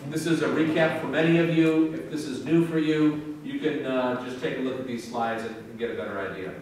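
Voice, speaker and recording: A man's voice: medium pitch, fairly even intonation, brisk, a little mellow. A male university professor giving a classroom lecture to students in a casual, joking manner. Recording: echoey hall from far off with faint noise.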